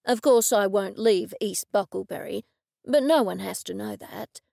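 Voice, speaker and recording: Explaining something at a normal pace, a woman narrator performs a steady, protective male detective for an audiobook, giving him an earnest, hesitant delivery and a slightly gravelly edge. Her voice is mid-range, and the recording is dry and close.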